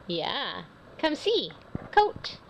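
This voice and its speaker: Slow, lively-voiced mother coaxing a toddler. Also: sits high, creaky. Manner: slow, coaxing, exaggerated word naming. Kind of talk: reading a picture book to a toddler. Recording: noisy home video.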